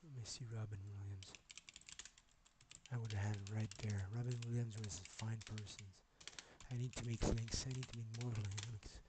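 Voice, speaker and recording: A man's voice: fairly low pitch, steady tone, moderate pace, heavy background noise. A man live-streaming, talking in a rambling way, swearing and jumping between topics as he goes.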